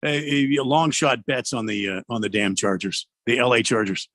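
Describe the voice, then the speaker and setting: A man co-hosting sports talk radio, rambling and hesitating with many pauses. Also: medium pitch, steady tone, fairly bright tone, dry recording, studio quality. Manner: rambling, hesitant, full of uh's. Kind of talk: casual sports talk banter.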